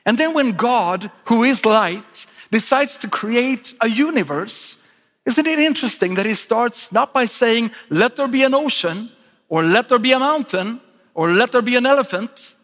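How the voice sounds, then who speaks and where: A middle-aged man from Sweden with a Swedish accent, preaching a lively sermon with joking asides and frequent restarts. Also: very high voice. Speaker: guest pastor. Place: large church auditorium. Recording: live sermon with long hall reverb.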